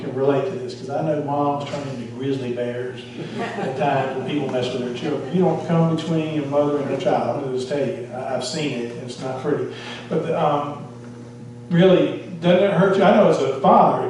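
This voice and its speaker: A male pastor with a mid-range voice preaches at a moderate pace in a church sanctuary, telling a story and putting questions to the congregation. It's recorded from far off in the echoey church hall, with a little hiss or hum.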